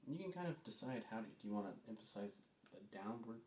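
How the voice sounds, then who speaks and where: A man with a fairly low voice walks through a drawing demonstration, thinking aloud in a relaxed way and often trailing off softly. The room is echoey, with a faint hiss behind him. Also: fast talker. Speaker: art teacher.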